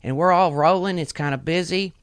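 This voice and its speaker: A woman's voice: on the low side, brisk, smooth, no echo, clean studio sound. Blunt, salty woman trucker. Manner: salty, blunt storytelling with swearing and laughs. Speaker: guest truck driver. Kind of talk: casual storytelling chat.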